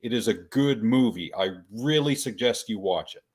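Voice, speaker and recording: A Canadian man co-hosting a podcast in casual chat, relaxed and matter-of-fact as he recommends movies. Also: lowish voice, moderate pace, breathy edge. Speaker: podcast co-host.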